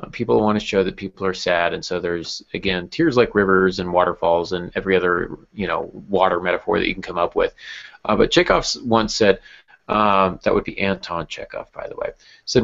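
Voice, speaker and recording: A man's voice: low voice, fairly even intonation, a little fast, vocal fry, a bit bright. A man hosting a casual podcast talk about writing craft, thoughtful, with many fillers and restarts. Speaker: podcast host. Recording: dull lo-fi podcast audio.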